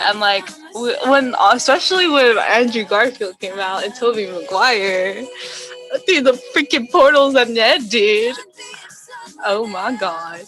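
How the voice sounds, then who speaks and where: A young woman co-hosting a casual podcast chat, animated and full of fillers. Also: medium pitch. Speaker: podcast co-host.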